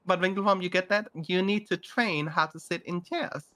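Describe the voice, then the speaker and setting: A woman's voice: fairly low pitch, normal speed, a bit bright. A woman in a role-play acting as a police academy instructor, giving the group orders in a teacherly way. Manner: bossy, teacherly, addresses the group.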